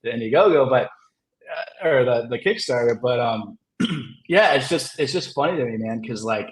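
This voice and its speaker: A man's voice: medium pitch, expressive, normal speed. A man, a comic writer and guest, telling a story in a casual, rambling way, filling it with "like" and laughing often. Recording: roomy echo.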